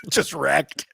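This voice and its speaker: A man serves as game master for a tabletop game, narrating at an unhurried pace with fillers and frequent laughter. His tone is bright and forceful, and the recording is dry and studio quality.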